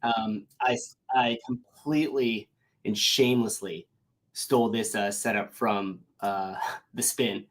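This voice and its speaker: A man's voice: lowish voice, fairly even intonation, slow pace, fairly bright tone, no echo. A man hosting a live show, chatting loosely, rambling and stopping to answer viewers' comments. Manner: rambling, self-interrupting, reads live chat. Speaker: show host. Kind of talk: casual livestream chat. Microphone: desk mic.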